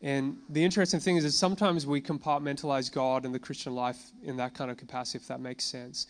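A man preaching to a congregation, reading scripture slowly and then explaining it in a relaxed conversational way, with fillers and questions to the room. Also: mid-range voice. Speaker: pastor. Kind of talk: sermon. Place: church gathering addressing a congregation.

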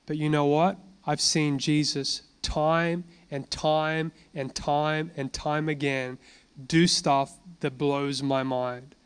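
A man preaches in a relaxed, chatty way, sharing stories from his own life. His voice sits a little high for a man and sounds smooth and clear. He keeps throwing rhetorical questions at the listeners and then answering them himself. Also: slow pace. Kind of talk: informal sermon with personal testimony.

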